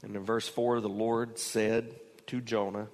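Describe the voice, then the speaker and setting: A man preaching a sermon as pastor, moving from slow, quiet phrasing to raised, emphatic delivery. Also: lowish voice, level tone, in a large hall.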